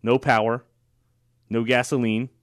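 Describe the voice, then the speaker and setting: A man's voice: medium pitch, flat delivery, measured pace, no echo, studio quality. A man hosting a political talk show, opinionated and sarcastic, with frequent fillers and restarts. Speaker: radio show host.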